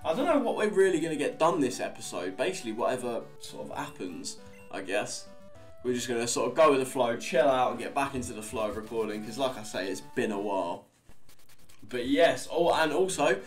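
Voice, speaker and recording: A young man giving casual, rambling commentary on a game he is playing, swearing now and then. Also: mid-range voice. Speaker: Let's Play host. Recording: faint guitar music behind.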